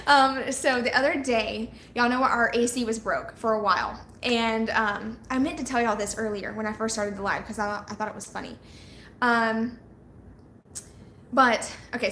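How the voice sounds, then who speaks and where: A woman's voice: fairly high pitch, fairly bright tone. Young woman, casual live chat, chatty and giggly, faint background hiss, echoey room. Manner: chatty, laughs often while telling stories. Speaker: vlogger on a live hangout.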